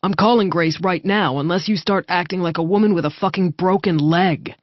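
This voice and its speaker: A woman reading voicing a gruff male wolf-shifter soldier who talks bluntly and swears, on a slightly muffled recording. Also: a bass voice, animated, normal speed, dry recording, exaggerated voice.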